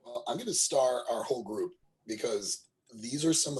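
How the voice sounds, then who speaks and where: A man facilitating a tabletop game, briefly prompting each player for feedback in a soft-spoken way. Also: medium pitch, lively intonation, normal speed, slightly rough, rough recording. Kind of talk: casual post-game feedback.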